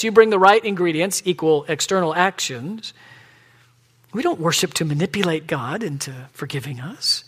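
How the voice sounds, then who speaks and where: Man, high voice, preaching sermon, hushed whispers to loud emphatic pleading, acts out quoted voices. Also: lively intonation, moderate pace. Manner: acts out God and the people in quoted lines. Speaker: pastor.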